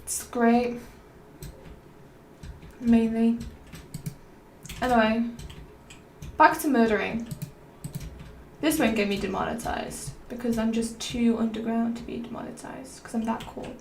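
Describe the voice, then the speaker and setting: A higher-voiced woman streamer rambles and muses aloud, drifting from one thought to the next as she plays. Her voice sits a little away from the mic in a roomy space, with faint noise and keyboard typing underneath. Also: steady tone, measured pace, vocal fry, long pauses, a little mellow, distant mic. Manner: rambling, musing aloud, drifting between topics. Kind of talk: rambling gameplay stream chat.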